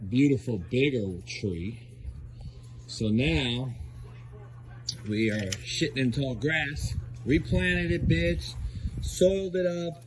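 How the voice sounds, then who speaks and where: A man's voice: on the high side, darkish tone, a little hiss or hum. An older man sternly scolding his dog outdoors in a home video, with plenty of profanity.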